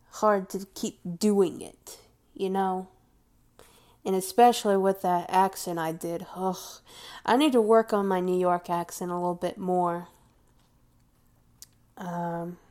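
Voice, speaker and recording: A woman rambling casually at her own unhurried pace, gushing about what she loves. Her voice sits in a middle register, and now and then she trails off into a whisper. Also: mid-range voice, darkish tone.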